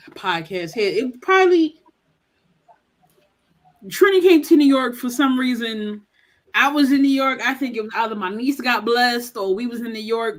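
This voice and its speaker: Woman, slightly high voice, chatty podcast co-host. Casual storyteller. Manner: chatty, storytelling with quoted lines.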